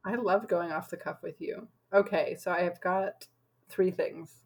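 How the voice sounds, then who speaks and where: A woman's voice: on the low side, measured pace, rough recording. A young woman co-hosting a podcast, chatting casually and filling her talk with lots of "like". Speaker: podcast co-host. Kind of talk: casual chat.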